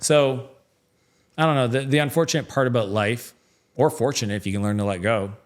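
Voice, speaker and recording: A man's voice: mid-range voice, steady tone, a little fast. A middle-aged man speaking as a guest in a casual interview, telling stories in a chatty way with lots of fillers and acted-out dialogue. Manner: chatty storytelling, many fillers, acts out quoted dialogue.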